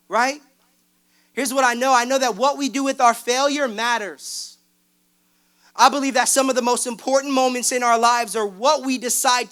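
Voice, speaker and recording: Bright-voiced young youth pastor preaching. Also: male voice, very high voice, smooth. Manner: candid, self-deprecating, rising to fervent exhortation. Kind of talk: sermon. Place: church stage.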